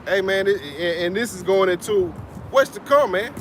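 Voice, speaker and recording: A man's voice: high voice, lively intonation, moderate pace, fairly bright tone, a little hiss or hum. A man preaching in a loose, conversational way outdoors in a city, often tacking "man" onto his sentences and chuckling now and then. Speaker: street preacher. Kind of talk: casual preaching talk. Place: outdoors in a city, Atlanta area.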